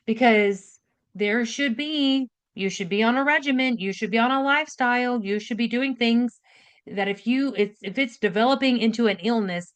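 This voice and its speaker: A woman's voice: on the high side, moderate pace, clear, resonant tone. A woman nurse giving a casual spoken health lesson, direct and chatty, often checking in with "right?" and "okay?". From United States. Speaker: nurse educator hosting a health class.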